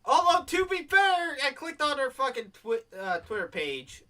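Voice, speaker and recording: A man's voice: very high-pitched, big pitch swings, normal speed, sharp tone. A man co-hosting a casual podcast, swearing freely, laughing often and reading posts aloud. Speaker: podcast co-host. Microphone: home microphone, streamed show.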